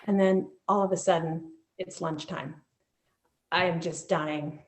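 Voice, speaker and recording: A woman recounts a personal memory in a vivid, emotional, conversational way. Her voice sits at a middle pitch and comes through a video call. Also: steady tone, unhurried. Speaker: storyteller. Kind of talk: personal storytelling.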